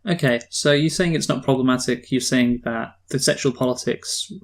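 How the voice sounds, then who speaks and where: A man co-hosting a casual film review podcast, asking questions and making his points in a measured way. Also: medium pitch.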